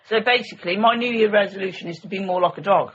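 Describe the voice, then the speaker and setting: A woman's voice: medium pitch, fast, fairly bright tone. A woman, co-hosting a podcast in a chatty, informal way. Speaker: podcast co-host. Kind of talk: casual chat. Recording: dull lo-fi with faint hiss.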